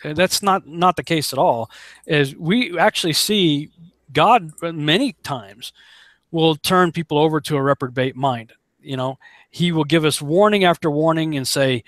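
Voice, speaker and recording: A man leading a casual online Bible study, animated, acting out quotes in a raised voice and chuckling often. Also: on the high side, normal speed, dry recording. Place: home setup on a live broadcast.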